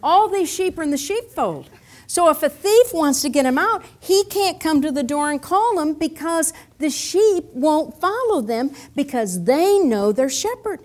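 A woman's voice: sits high, lively intonation, unhurried, darkish tone. A woman teaching a Bible lesson with props, acting out scenes and adding chuckling asides.

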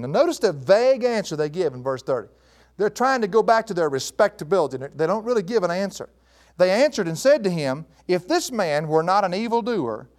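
A man giving a verse-by-verse Bible teaching, emphatic and animated, with chuckling asides. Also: high voice.

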